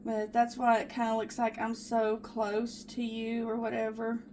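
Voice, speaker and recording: Lady baking in a tiny kitchen, high voice, gets excited easy, chatty with viewers. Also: measured pace, slight background noise. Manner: chatty, easily excited, talks to viewers as "guys". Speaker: home cooking vlogger. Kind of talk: casual cooking demonstration. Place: small home kitchen.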